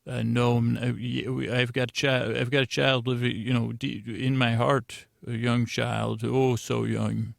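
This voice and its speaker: Role: a man playing a stammering fake doctor. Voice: creaky, dry. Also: mid-range voice, flat delivery, measured pace, hardly any pauses, no echo. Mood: pleading. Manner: stammering, hesitant, meek. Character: bumbling fake anthropologist doctor, adult man.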